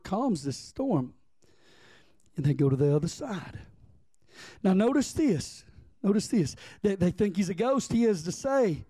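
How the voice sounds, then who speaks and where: A man's voice: high-pitched, warm tone, no echo. A man preaching a sermon as pastor, reading scripture and calling on the congregation to respond.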